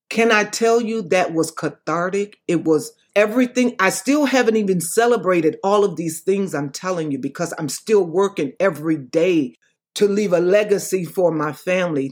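A woman's voice: fairly low pitch, a little mellow, breathy edge. A woman evangelist speaks as a guest with fervent conviction. Her delivery has a preacher-like rhythm, and she repeats her phrases for effect. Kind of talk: impassioned personal testimony.

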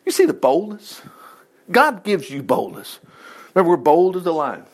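A man preaching a folksy, animated sermon, reading scripture, acting out the quoted lines and laughing often. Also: sits high, moderate pace.

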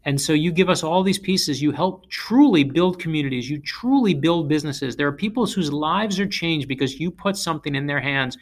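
A man who is an author, from South Florida, telling stories in an interview in an emphatic, animated way. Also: on the high side, normal speed, hardly any pauses. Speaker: author and guest speaker. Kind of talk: interview storytelling.

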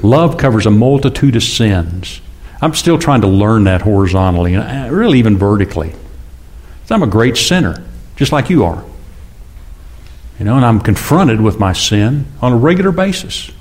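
A man in his sixties preaching a conversational sermon, often asking the congregation questions and acting out quoted speakers in louder, higher bursts. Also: sing-song, moderate pace. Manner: chatty, asks the congregation questions, acts out God and James. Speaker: pastor.

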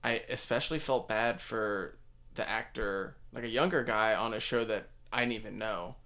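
A man's voice: on the low side, normal speed, bright, forceful tone. A young adult man co-hosting a casual podcast, speaking in a laid-back, hesitant way with many fillers. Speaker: podcast co-host. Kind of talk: casual chat.

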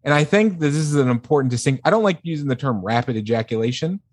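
A man speaks in a measured, explanatory voice of middling pitch, now and then restarting his sentences. He talks as a sex therapist in a casual podcast conversation, and the recording is dry and close. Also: lively intonation, darkish tone, no echo.

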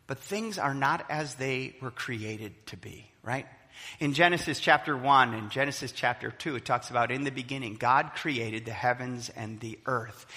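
Man preaching, high lively voice, big hall echo. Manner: animated preaching, acts out quoted voices. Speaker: pastor. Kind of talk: sermon. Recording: long hall reverb.

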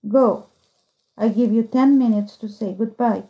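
A woman's voice: fairly high pitch, unhurried, warm tone, highs cut off. A woman voicing a stern older man who talks brusquely. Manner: brusque, curt. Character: stern gruff older male master.

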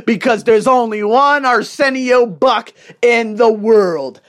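A man's voice: very high voice, slow pace, fairly bright tone. A man hosting his own show and delivering an emphatic, profane motivational rant full of repetition. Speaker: podcast host. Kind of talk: ranting motivational monologue.

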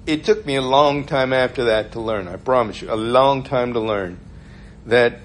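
A man's voice: mid-range voice, a little hiss or hum. A man giving an informal sermon in a conversational, storytelling way, laughing often as he talks. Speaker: preacher.

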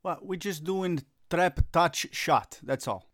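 A man's voice: a little high, slow, fairly bright tone, dry recording, studio quality. A middle-aged man playing a youth soccer coach in a comedy sketch, given to gloomy melodramatic rants that flare into agitated Italian curses.

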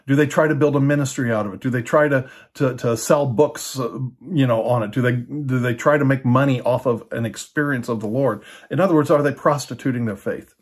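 An older man giving an unscripted Bible teaching talk in a relaxed way, often repeating words and adding fillers as he thinks aloud. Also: mid-range voice, a little fast, hardly any pauses. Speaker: teacher of a church ministry.

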